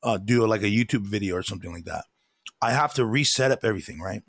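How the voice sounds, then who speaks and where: A man's voice: fairly low pitch, fast talker, a bit bright, no echo, clean studio sound. A man co-hosting a podcast, chatting casually about a movie, rambling and laughing as he retells scenes. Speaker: podcast co-host. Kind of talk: casual movie review chat.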